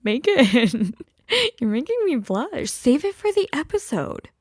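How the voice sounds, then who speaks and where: A woman with a fairly high, lively voice trades teasing banter in a podcast ad spot. Her voice sounds close and dry, with no room around it. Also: takes it slowly, no echo. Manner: playful, teasing.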